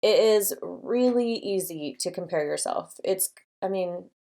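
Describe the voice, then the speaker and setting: Young woman giving pep-talk business tips, kinda low voice, lots of ums and likes. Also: unhurried, vocal fry, dark tone. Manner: encouraging, chatty, lots of fillers. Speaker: design studio owner and channel host. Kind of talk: casual advice to camera.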